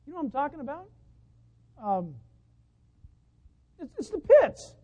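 A male pastor delivering a sermon in a conversational way, asking his congregation many rhetorical questions and swinging between loud emphatic lines and soft murmured asides. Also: extremely high pitch, sing-song, a little slow, poor audio.

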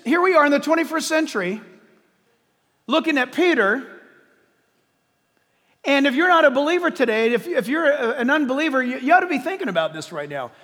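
High-voiced emphatic preacher in a reverberant hall. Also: male voice, very animated, moderate pace, long pauses, a bit bright. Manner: emphatic, repeats key words for stress. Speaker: pastor. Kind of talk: sermon.

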